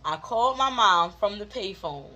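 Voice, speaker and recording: A woman, telling a childhood story in casual chat with her husband, animated and laughing often. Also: mid-range voice, normal speed, highs cut off. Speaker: co-host of a couples channel.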